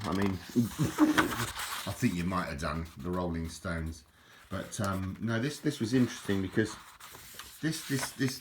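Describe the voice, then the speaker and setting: Man, deep low voice, casual rambling, self-deprecating, faint hiss. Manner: rambling, chatty, self-deprecating, many restarts and fillers. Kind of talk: casual rambling book show-and-tell.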